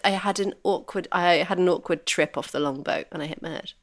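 A woman's voice: on the low side, natural voice. A woman putting on a boastful mock-Swedish Viking ghost. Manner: boastful, slow, breaking character. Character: brash female Viking warrior ghost.

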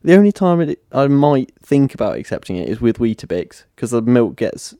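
A man's voice: medium pitch, big pitch swings, warm tone, dry recording. A young British man chatting casually with a dry sense of humour. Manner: dry humour, quick laughs. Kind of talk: casual chat.

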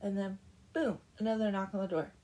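A woman's voice: medium pitch, steady tone, brisk, mellow. A young woman casually retelling a folk tale with chatty, sarcastic asides. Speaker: storyteller. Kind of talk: casual comic story retelling.

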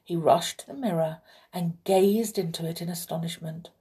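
A woman storyteller reading a children's story aloud in a gentle, expressive way, chatting warmly with her young listeners. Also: lowish voice, moderate pace.

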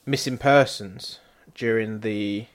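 A young man with a British accent, co-hosting a casual podcast from a flat and leading with a story. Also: lowish voice, slow pace. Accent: British English. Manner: laid-back, storytelling, laughs at own bad accents. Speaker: podcast co-host. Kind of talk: casual chat. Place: flat, indoors.

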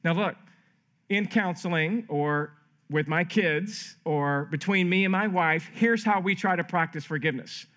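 A middle-aged man preaching a sermon as pastor at a camp, lively and acting out quoted voices. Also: high-pitched, measured pace. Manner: animated, acts out quoted voices. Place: camp meeting hall.

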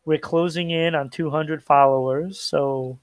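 A man's voice: fairly high pitch, fairly even intonation, a little slow, no echo. Laid-back male podcast co-host, dry sound. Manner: laid-back, chatty, with frequent restarts and plugs. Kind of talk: casual chat.

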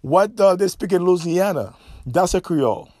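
A middle-aged man with a Haitian accent talks through a solo podcast monologue, pressing each point and circling back to repeat it. His voice sits somewhat high for a man. The sound is dry and close, with no room around it. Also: expressive, normal speed, dark tone, dry recording. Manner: emphatic, repeats points, nonstandard grammar. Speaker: podcast host.

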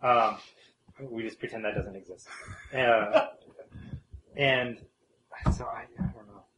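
A man's voice: mid-range voice, steady tone, slow, fairly bright tone, a little hiss or hum. Hesitant man in an echoey room. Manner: hesitant, thinks aloud with many ums. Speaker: podcast co-host. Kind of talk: casual film discussion.

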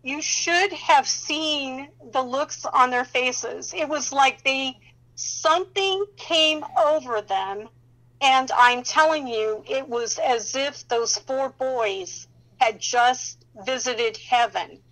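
Woman with a higher voice, casual storyteller sharing her faith, animated and given to laughter. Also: slow, low-quality recording. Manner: animated storyteller who laughs often and acts out dialogue. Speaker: Christian counselor sharing her testimony.

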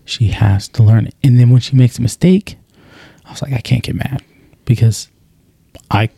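Gravelly-voiced dad telling animated stories. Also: male voice, mid-range voice, a little fast, no room sound. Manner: animated storyteller, acts out quotes. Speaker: podcast co-host. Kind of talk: casual chat.

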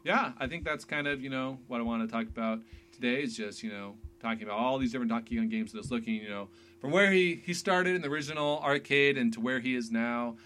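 A man hosting a casual podcast chat about video games, excitable and full of fillers. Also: medium pitch, fast, a little hiss or hum. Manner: chatty, excitable, many fillers. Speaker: podcast host.

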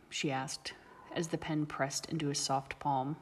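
A woman reading a story aloud as narrator, steady and even. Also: low-pitched, measured pace, husky. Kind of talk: audiobook reading of fan fiction. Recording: long reverb.

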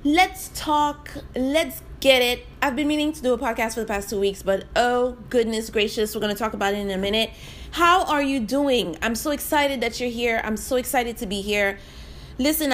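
A woman's voice: a little high, slight background noise. A young woman hosting her own podcast, chatting in an upbeat, familiar way and calling the listener "sis". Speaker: podcast host. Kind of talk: casual solo podcast chat.

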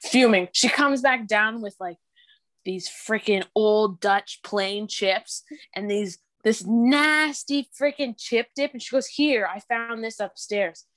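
A young woman from Canada in casual podcast chat, telling an animated story, cursing freely and laughing as she goes. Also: mid-range voice, slow, no room sound.

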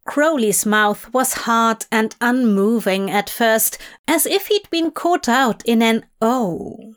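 A woman reads a fan fiction story aloud in a soft, measured way. Her voice sits on the higher side and moves at an unhurried, leisurely pace. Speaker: reader. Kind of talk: fan fiction audiobook narration.

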